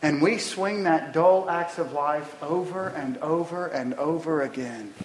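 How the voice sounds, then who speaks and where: A man's voice: on the high side, darkish tone, echoey room, rough recording. A man preaching a sermon, telling folksy stories and asking the congregation rhetorical questions. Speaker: pastor.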